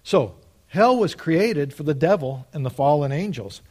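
Male preacher with a higher voice, emphatic sermon delivery that drops quiet and then rises loud, reasons point by point. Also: expressive, normal speed, slightly rough. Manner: argues step by step, quotes scripture.

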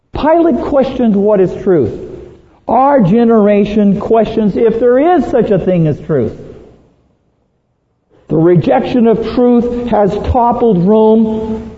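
A man's voice: high voice, expressive, slow. A man preaching a sermon earnestly and emphatically, acting out the Bible quotes he tells. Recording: tinny phone-like sound in an echoey hall.

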